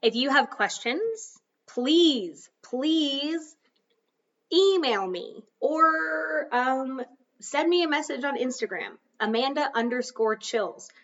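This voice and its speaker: A woman hosts a solo podcast, chatty and self-deprecating as she coaches her listeners. Her voice sits at a middling pitch and seems a little off the mic. The recording sounds dull and muffled. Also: expressive, measured pace, a bit bright, far from the mic. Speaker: podcast host. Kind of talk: casual solo podcast talk.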